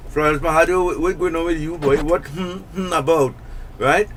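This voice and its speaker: A man's voice: fairly high pitch, steady tone, moderate pace. Tobago guy on the radio, chatty, jokes around, bit of hiss. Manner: chatty, jokey, loose with restarts. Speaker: radio host. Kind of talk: casual radio banter. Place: radio studio.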